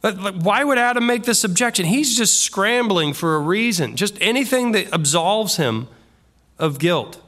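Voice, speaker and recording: A man's voice: high-pitched, animated, normal speed, fairly bright tone. A man preaching an expository sermon in an earnest, conversational way, bringing in vivid everyday examples. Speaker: pastor.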